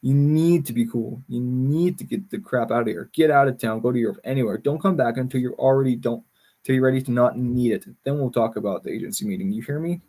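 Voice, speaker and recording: A man voicing a brash, blunt middle-aged Hollywood insider who talks in a gruff, bossy way, read from a book. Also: medium pitch, fast, mellow, close to an everyday voice. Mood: stern.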